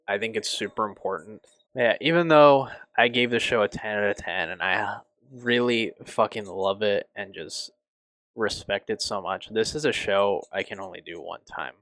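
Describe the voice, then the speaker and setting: A young man reviewing a TV show on his channel, emotional and halting, swearing often and restarting his sentences. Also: fairly low pitch, fairly bright tone, dry recording. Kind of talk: casual review.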